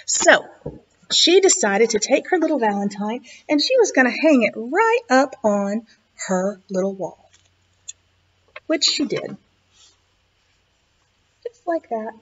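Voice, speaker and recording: A woman, a children's librarian, reading a story aloud at a virtual storytime in an expressive, slow, sing-song way. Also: on the high side, slight background noise. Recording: dull lo-fi online video recording.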